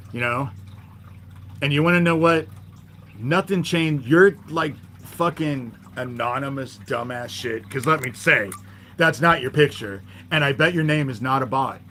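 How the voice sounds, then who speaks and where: A man's voice: medium pitch, measured pace, pushed and bright, slight background noise. A man hosting a livestream, ranting in an irritated, profane, confrontational way, sarcastic toward commenters and often adding "you know?". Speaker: livestream host. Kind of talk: live-stream rant.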